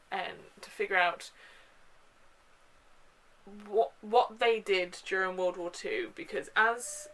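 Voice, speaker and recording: A woman's voice: mid-range voice, fairly bright tone, low-quality recording. A young woman chatting casually in a home video, gushing about books with lots of ums and uhs. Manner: chatty and gushing, with frequent fillers. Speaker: book vlogger. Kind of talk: casual book haul chat.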